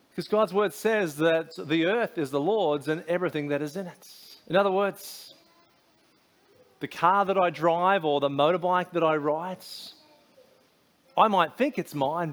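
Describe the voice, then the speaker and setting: A man preaching a sermon as a pastor, conversational, with frequent fillers and restarts. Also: fairly high pitch.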